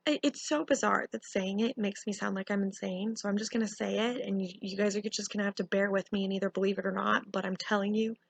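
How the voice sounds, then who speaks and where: A young woman telling a casual storytime, animated and full of fillers. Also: medium pitch, gravelly, breathy edge, no echo. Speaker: vlogger.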